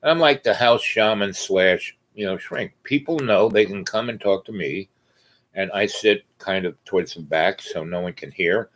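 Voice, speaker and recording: Rambling, low-voiced man telling stories. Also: moderate pace, fairly bright tone. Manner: meandering storyteller, many fillers and restarts; laughs often mid-sentence. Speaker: vlogger. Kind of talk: casual rambling monologue.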